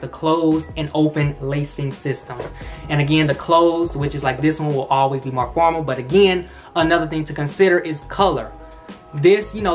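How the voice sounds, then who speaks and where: A man casually explaining dress shoes in a how-to vlog, chatty, full of fillers and self-corrections. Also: fairly high pitch. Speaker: style vlogger.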